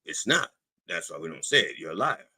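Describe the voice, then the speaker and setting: Low husky guy hosting a podcast, wanders off topic a lot, voice bounces up and down. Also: sing-song, brisk, pushed and bright. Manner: rambling, digressive, self-interrupting. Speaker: podcast host. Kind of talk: casual monologue.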